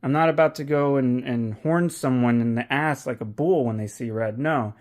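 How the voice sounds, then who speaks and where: A man's voice: medium pitch, moderate pace, a little mellow. A man talking casually as an online reseller, candid and profane, rambling with frequent restarts. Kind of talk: casual vlog commentary.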